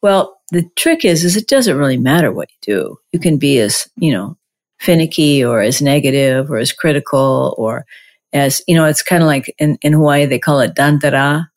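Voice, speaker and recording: A woman's voice: deep voice, lively intonation, moderate pace. A woman co-hosting a casual, reflective conversation, rambling with many restarts and fillers.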